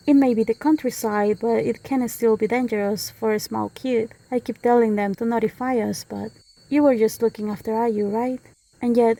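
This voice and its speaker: A woman voicing a calm, friendly village police officer who lectures and reassures. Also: a little high.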